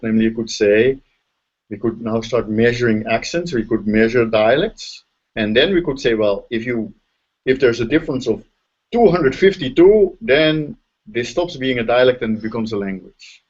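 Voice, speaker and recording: A Dutch-accented man teaching in a relaxed, conversational way, building his points step by step and checking in with "right?". His voice sits at a middling pitch. The sound is the dull, lo-fi audio of a video call. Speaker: linguistics professor. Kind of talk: casual lecture over a video call.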